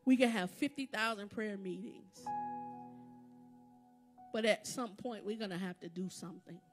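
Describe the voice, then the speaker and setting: A woman's voice: medium pitch, moderate pace. A woman preacher delivering a sermon in a church, building to fervent exhortation with repeated phrases. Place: church sanctuary. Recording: live church service with background music. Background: instrumental music playing under the sermon.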